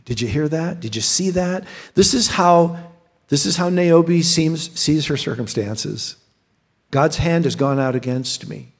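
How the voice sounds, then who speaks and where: A man preaching a sermon in a chatty, unpolished way, his voice sitting a little higher than most men's. He stumbles over and repeats words as he restarts his sentences. He turns often to speak straight to the congregation. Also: lively intonation, a little slow. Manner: conversational, frequent word repeats and restarts; addresses the congregation directly. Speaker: pastor.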